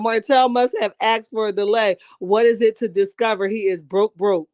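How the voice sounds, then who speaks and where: A woman recapping a reality show in a lively, laughing, slangy way, chatting with her live viewers and calling them honey and baby. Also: fairly high pitch, normal speed, few pauses, dry recording, clean studio sound. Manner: animated, laughing storyteller, slangy and blunt; calls her viewers 'baby', 'honey' and 'child'. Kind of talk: casual recap chat, reading live chat.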